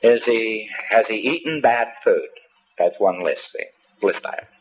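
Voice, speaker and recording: Low-voiced man giving a rambling lecture. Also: expressive, unhurried, husky. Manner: folksy, wry, profane asides. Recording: dull lo-fi tape with faint hiss.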